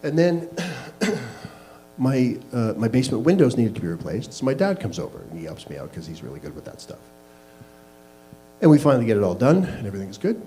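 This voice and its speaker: A man's voice: medium pitch, sing-song, fairly quick, mellow, a little hiss or hum, poor audio. Candid man telling a personal story. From Canada. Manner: candid, self-mocking, laughs at himself. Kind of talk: personal story told to a live audience. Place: small live venue.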